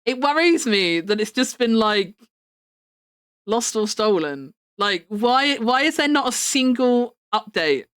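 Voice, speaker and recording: A woman's voice: a little high, sing-song, slow, smooth. A young woman chatting casually on her live stream, rambling and laughing often.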